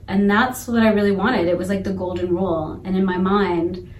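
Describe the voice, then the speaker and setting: A woman co-hosting a casual talk show tells a personal story with lively, laughing energy. Her voice sits at a middle pitch and rings in an echoey room, with faint noise behind it. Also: normal speed. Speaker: podcast co-host and emotional intelligence coach. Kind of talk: casual chat.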